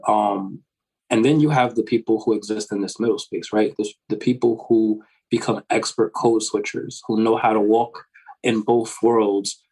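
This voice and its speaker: A man's voice: on the low side, vocal fry, husky, poor audio. A man in his thirties, a financial coach, answering interview questions in a reflective, conversational way and often checking in with "right?".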